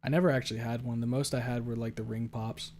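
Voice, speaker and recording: A young man streaming and chatting casually, reading viewer messages aloud in a jokey, rambling way that swings from loud excited bursts to low mumbled asides. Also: fast, slight background noise.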